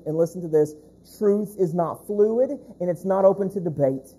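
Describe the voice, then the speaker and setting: A male pastor delivers a sermon in a slightly high, mellow, husky voice. He preaches emphatically, repeats key phrases, slows down to stress points and poses questions to the congregation.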